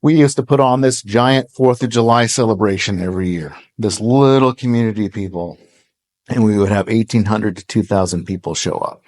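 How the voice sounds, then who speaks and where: A man's voice: lowish voice, a little fast, a little mellow. A middle-aged man preaching a sermon, telling stories with animation and acting out quoted voices. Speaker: pastor. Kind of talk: sermon storytelling. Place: church hall, live audience.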